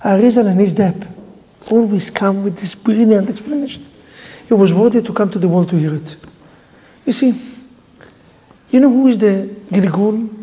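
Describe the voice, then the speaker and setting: A rabbi teaches a Torah class in lively storytelling fashion, firing questions at his listeners. He speaks non-native English sprinkled with Hebrew terms, in a warm, dark-toned voice. A long hall reverb trails his words. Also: high voice. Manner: animated storytelling, quizzing the audience with questions. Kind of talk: Torah lesson.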